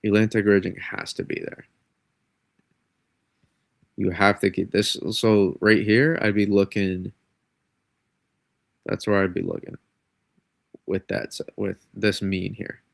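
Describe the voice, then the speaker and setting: A man's voice: on the low side, level tone, slow pace, vocal fry, pauses often, no echo, studio quality. A man forecasting weather on a live stream, rambling and restarting his sentences, stuffy and under the weather with a cold. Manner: rambling, self-correcting, casual. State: congested from a cold.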